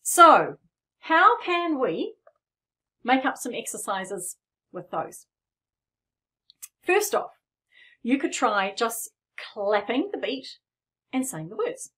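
Slow, lively-voiced woman teaching piano. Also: fairly high pitch. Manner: playful and encouraging, demonstrates while playing. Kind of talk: friendly tutorial explaining rhythm at the piano. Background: piano playing.

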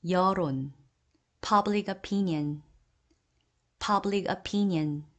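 Speaking on the low side, a woman goes through an English word list. Each Korean term comes first, followed by the English phrase said twice in a slow, deliberate way.

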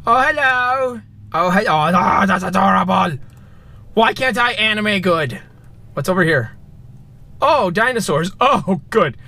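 Brief: high-pitched male let's-player, jokey, shouts at scares. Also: unhurried, vocal fry. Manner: excitable, yelps and shouts at scares; joking, talks to viewers. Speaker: gamer. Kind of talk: let's play commentary.

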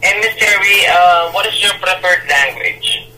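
A man's voice: high-pitched, a little slow, bright, forceful tone, rough recording. A male phone agent asking formal questions from a script, hesitating with frequent fillers. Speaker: phone scammer posing as a medical supply agent.

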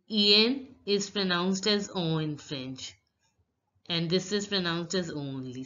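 A woman teaching French pronunciation, reading words out slowly and explaining each sound step by step. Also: on the low side, fairly bright tone. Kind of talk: slow pronunciation lesson. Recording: dull lo-fi recording.

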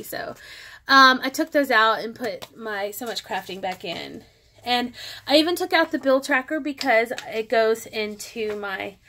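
A woman's voice: a little high, pushed and bright. An adult woman and mother, chatting casually through a show-and-tell about her planner, rambling and breaking off mid-thought. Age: adult parent. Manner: chatty, rambling, self-interrupting. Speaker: planner vlogger.

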